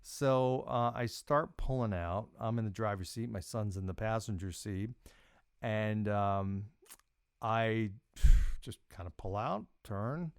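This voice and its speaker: A middle-aged man hosting a podcast, telling a personal story in a casual, animated way and quoting himself with big jumps in pitch. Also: smooth, no echo, studio quality. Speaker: podcast host.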